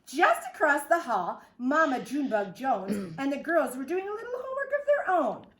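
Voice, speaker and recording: A woman's voice: high-pitched, sing-song, moderate pace, crowd noise. A woman teacher reading a picture book aloud to children, with chatty asides to the kids. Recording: echoey room.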